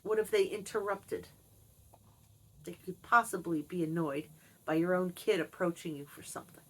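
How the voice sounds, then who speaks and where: A woman's voice: lowish voice, moderate pace. A middle-aged woman talking candidly to camera about her childhood and her pets, reflective and confiding. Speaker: vlogger. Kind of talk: candid personal monologue.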